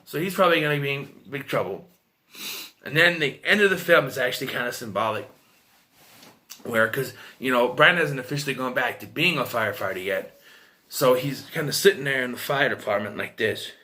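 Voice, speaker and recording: A man's voice: mid-range voice, fairly quick, pushed and bright. A man giving a casual, rambling film review, retelling scenes and quoting characters, with frequent restarts and fillers. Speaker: movie reviewer.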